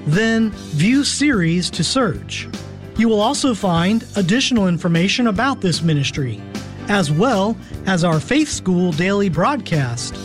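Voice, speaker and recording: Measured broadcast announcer over soft music. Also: medium pitch. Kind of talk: scripted closing announcement. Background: faint music.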